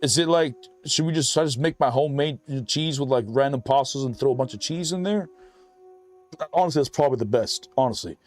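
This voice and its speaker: A man's voice: mid-range voice, brisk, darkish tone, soft background music. A man streaming a game, chatting casually and profanely while reading his chat aloud.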